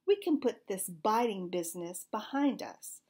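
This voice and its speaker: A woman reading a storybook aloud, voicing a calm, clever male dog who speaks in a measured, polite way. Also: medium pitch, husky.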